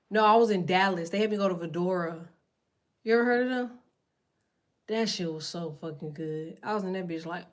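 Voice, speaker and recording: A woman hosting a casual livestream from her bed, talking to viewers in a rambling, profane, slangy way. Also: mid-range voice. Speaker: tarot livestream host. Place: in bed at home.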